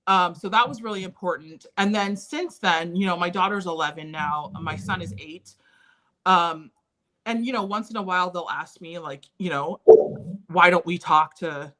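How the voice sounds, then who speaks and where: A woman's voice: on the low side, moderate pace, bright, forceful tone. A woman in her thirties, an interview guest, candidly and earnestly recounting painful family memories. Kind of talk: personal storytelling in a conversation.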